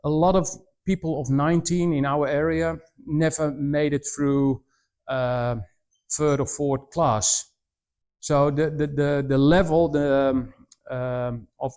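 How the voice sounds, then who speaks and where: A man in his forties giving a missionary presentation to students, telling stories in an animated way, mimicking voices and often restarting his sentences. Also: on the high side. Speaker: missionary speaker. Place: college presentation room.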